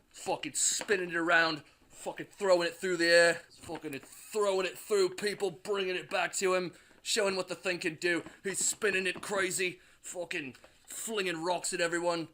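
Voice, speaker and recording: Young dude on a stream spoiling a movie, swears nonstop, bright kinda high voice. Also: male voice. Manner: crude, swears constantly, briefly acts out characters' quotes. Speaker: movie reviewer recapping a film. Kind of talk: casual profane movie recap.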